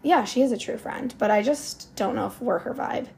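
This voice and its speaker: A woman's voice: fairly high pitch, normal speed, gravelly, darkish tone, a little hiss or hum. A young woman co-hosting a podcast, chatting casually and rambling with lots of fillers. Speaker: podcast co-host. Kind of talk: casual chat.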